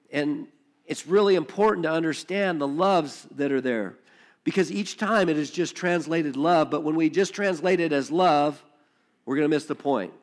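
A male pastor delivers a sermon, his voice sitting a little high with a gravelly, fry-tinged texture. He drives his points home through repetition and slips into quoted voices as he retells a biblical scene. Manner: preaching with rising intensity and repetition.

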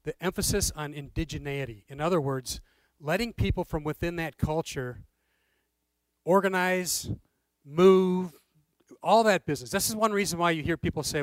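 Male interview guest, slightly high voice, measured and explanatory, dry close sound. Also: no room sound, low-quality recording. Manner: measured and explanatory, checks in with "okay?". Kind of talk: conversational interview answers.

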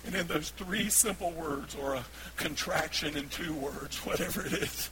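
A man's voice: fairly high pitch, normal speed, background noise. A male pastor preaching a sermon, telling folksy personal stories and laughing easily at them. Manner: folksy storytelling, laughing warmly at his own stories. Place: church sanctuary.

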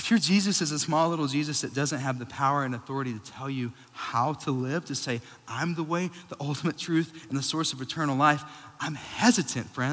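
Bright young man preaching in a hall. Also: fairly high pitch, husky. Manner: conversational, jokey preaching with rising emphatic peaks. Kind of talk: sermon. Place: church hall. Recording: long hall reverb.

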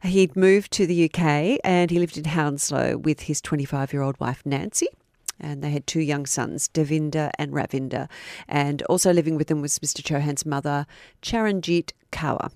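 Low-voiced woman telling a story. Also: steady tone, moderate pace, hardly any pauses, a little mellow, dry recording, studio quality. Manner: chatty, teasing, laughs easily. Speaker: podcast co-host telling a true crime story. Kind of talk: casual storytelling chat.

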